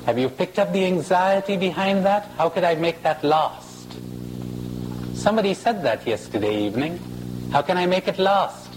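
A man giving a live spiritual talk to an audience in a hall, slow and emphatic, playful with rhetorical questions. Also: high-pitched, lively intonation, noisy background. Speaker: spiritual speaker.

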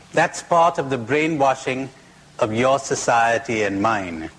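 A man's voice: mid-range voice, a bit bright. A man giving a spoken talk, blunt and teasing, asking rhetorical questions and telling jokes. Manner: blunt, teasing, drawn-out delivery, tells jokes.

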